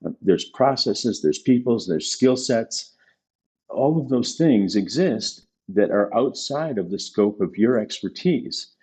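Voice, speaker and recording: A man's voice: on the low side, lively intonation, takes it slowly, a little mellow, breathy edge. A male business consultant speaking as a podcast guest, making his points emphatically and repeating them for stress. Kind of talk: casual conversational interview.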